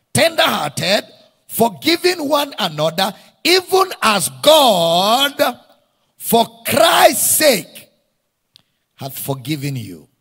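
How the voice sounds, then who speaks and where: A man's voice: high-pitched, creaky, pushed and bright, husky. A man with a Nigerian accent, preaching a sermon to a congregation, leading call-and-response and repeating key phrases for emphasis. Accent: Nigerian English. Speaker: pastor. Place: church hall. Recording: reverberant church hall.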